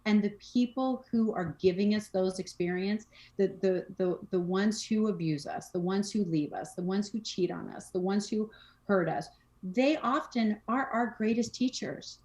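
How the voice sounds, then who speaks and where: Speaking at normal speed in a medium-pitched, slightly mellow voice, this podcast guest discusses mental health and spirituality in a casual way. She's emphatic, repeats phrases and acts out quoted speech.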